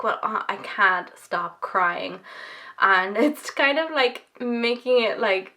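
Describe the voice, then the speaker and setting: A woman's voice: on the high side, a bit bright. A young woman chatting casually in a Q&A vlog as a makeup YouTuber, rambling with lots of fillers while doing her own makeup at home. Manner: rambling, filler-heavy, self-deprecating.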